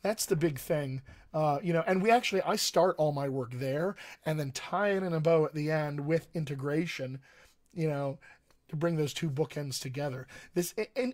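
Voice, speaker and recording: American man, dialect coach on a livestream, earnest and emphatic, slightly higher voice, repeats his points. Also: darkish tone. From United States. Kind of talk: livestream teaching talk.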